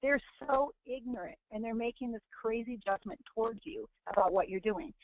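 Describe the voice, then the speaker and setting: Woman, motivational webinar speaker, preachy and repetitive, fairly high voice, muffled dry audio. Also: normal speed, a little mellow, no echo. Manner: preachy, repetitive, acts out quoted people. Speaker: webinar presenter.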